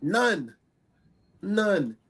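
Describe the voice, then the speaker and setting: A man's voice: sits high, very animated, extremely slow, a bit bright, husky. Man giving firm, repetitive relationship opinions. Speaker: show guest. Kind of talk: casual relationship talk.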